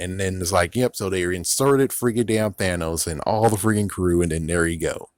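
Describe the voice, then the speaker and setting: A man's voice: low-pitched, brisk, few pauses, no echo, studio quality. A man casually reviewing a TV series, rambling and sarcastic, swearing often and repeating "it's like". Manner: profane, sarcastic, incredulous.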